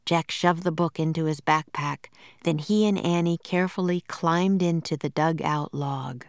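A woman narrating a children's storybook in a slow, measured and clear manner. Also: low-pitched, dry recording, studio quality.

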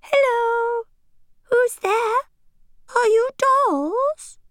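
A woman's voice: extremely high pitch, very slow, a bit bright, no echo, studio quality, pitched above the performer's own voice, heavily acted. A woman voicing a tiny girl doll calling out from inside a box, faint and far-off.

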